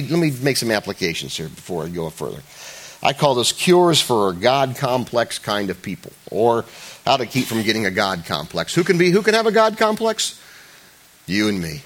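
A man preaching a sermon to a church congregation. He talks conversationally, jokes with the listeners and restarts often, and he rises loud and high for emphasis. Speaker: pastor.

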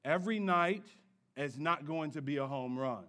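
Male preacher, high and bright, playful, bantering with the crowd. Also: normal speed. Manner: playful, call-and-response preaching with slang asides. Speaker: pastor. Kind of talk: sermon.

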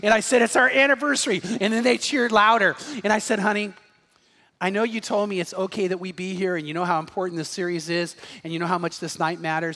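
Male pastor, higher register, emphatic storytelling sermon in a reverberant sanctuary. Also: steady tone, quick pace. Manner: storytelling, emphatic, rises to shouts on key points.

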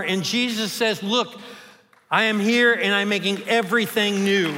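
Male pastor, sermon delivery, rhythmic list-building, high bright voice. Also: a little slow, in a large hall, slight background noise. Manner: rhythmic, building lists with shifting intensity.

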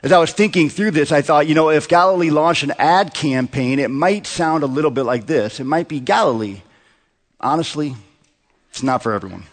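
A man in his thirties, a pastor, preaches briskly and with few pauses in a voice on the high side, addressing the congregation conversationally through many rhetorical questions. The sound echoes with the long reverb of a church sanctuary.

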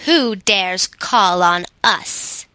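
A woman voicing a fierce, impudent male goblin king who shouts his defiance in anger. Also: medium pitch, expressive, measured pace, dry recording. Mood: demanding.

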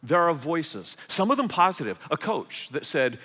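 Pastor delivering a sermon, lively pitch, bright tone, long hall reverb. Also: male voice, normal speed. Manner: animated, repeats words as he talks.

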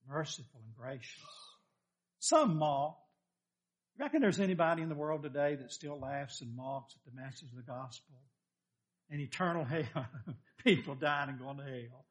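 A middle-aged male pastor preaching a sermon, emphatic, asking rhetorical questions and quoting scripture. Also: on the high side.

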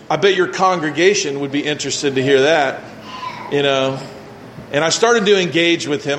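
Animated high-voiced male preacher. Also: a little hiss or hum. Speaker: pastor. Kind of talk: sermon.

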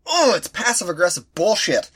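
A man's voice: high-pitched, moderate pace, slightly rough. A man co-hosting a podcast, ranting sarcastically in casual chat and mimicking the people who annoyed him. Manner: ranting, sarcastic, animated quoting of others. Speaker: podcast co-host.

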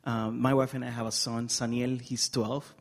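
A man's voice: mid-range voice, flat delivery, moderate pace, creaky. A middle-aged man from the Republic, telling his life story as an interview guest in an earnest, emotional way with touches of humor. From Dominican Republic. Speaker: guest speaker. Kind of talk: personal testimony interview.

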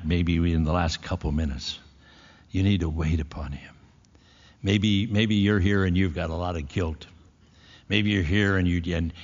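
Brief: low, husky male preacher, folksy sermon delivery, dull lo-fi church hall with long reverb. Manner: folksy storytelling, rising to emphatic. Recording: dull echoey hall recording.

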